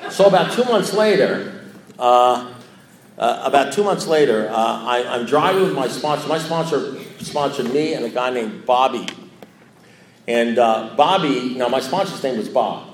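A man's voice: medium pitch, animated, unhurried, slight background noise. A man sharing a recovery story, rambling and repeating himself, playfully acting out what others said. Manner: repetitive, self-mocking, acts out quoted lines. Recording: echoey room.

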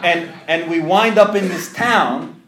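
A man sharing a personal recovery story with an audience, animated and full of restarts. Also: high-pitched, slow pace, echoey room. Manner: animated, self-interrupting storyteller with many restarts. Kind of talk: storytelling testimony to a live audience.

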